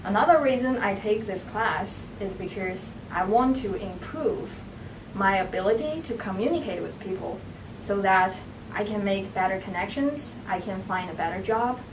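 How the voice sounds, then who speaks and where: Chinese-accented woman in an echoey room. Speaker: language student. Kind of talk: interview testimonial. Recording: echoey room, mic at a distance, background rumble.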